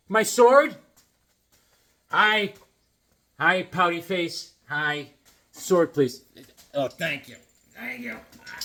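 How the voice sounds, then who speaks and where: A middle-aged man with a fairly high voice chats loosely through an unboxing, joking and circling back to the same phrases. His talk is offhand and unscripted. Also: fairly bright tone, slightly rough. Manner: rambling, jokey, repeats himself. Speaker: comic book vlogger. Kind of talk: casual unboxing chat.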